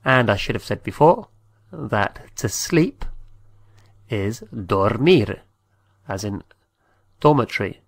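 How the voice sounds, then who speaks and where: A man's voice: lowish voice, expressive, slow pace, vocal fry, long pauses, no echo. A man giving a patient language lesson, spelling out words letter by letter. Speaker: Spanish teacher.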